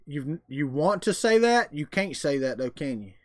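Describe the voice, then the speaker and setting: His pitch swings widely around a slightly high voice as this Southern US livestream host chats casually with his viewers at a moderate pace. The delivery is folksy, drawling and jokey, captured in studio quality with no room sound.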